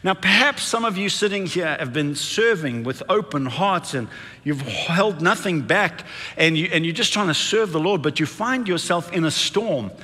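An impassioned male preacher whose high, bright voice swings widely as he builds each point. He drives the congregation to repeat lines back to him. His words ring out with a long reverb in a large church hall. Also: lively intonation, normal speed, breathy edge. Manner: impassioned, dramatic build-ups with congregation call-and-response. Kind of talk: sermon.

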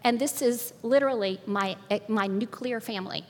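An older woman giving a personal faith testimony at church, animated and often laughing, acting out what others said. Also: a little high, moderate pace, in a large hall. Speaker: church speaker.

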